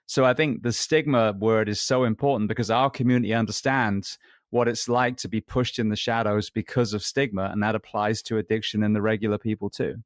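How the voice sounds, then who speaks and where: A man's voice: fairly low pitch, fairly even intonation, brisk, no room sound, clean studio sound. A man hosting a podcast, speaking bluntly and emphatically about his opinions. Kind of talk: conversational interview talk.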